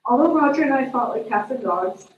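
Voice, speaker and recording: A woman speaking as a sister at a memorial, telling family stories in an animated way. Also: sits high, a little fast, slight background noise. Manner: storytelling, animated retelling of family moments. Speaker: sister giving a eulogy. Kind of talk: memorial eulogy with family anecdotes. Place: memorial service room. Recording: distant echoey room mic, dull sound.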